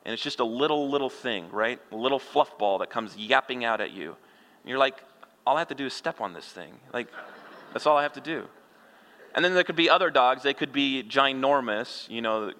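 A middle-aged male pastor preaches with a bright, forceful voice, mixing folksy humor and rhetorical questions into his sermon. His voice carries through a sanctuary with a long reverberating tail. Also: mid-range voice. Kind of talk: expository sermon.

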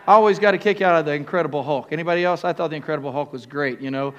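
An older male pastor preaching a sermon, calling on the congregation to answer back and often stopping to restart his phrases. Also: fairly high pitch. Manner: call-and-response with the congregation; halting, with restarts and fillers.

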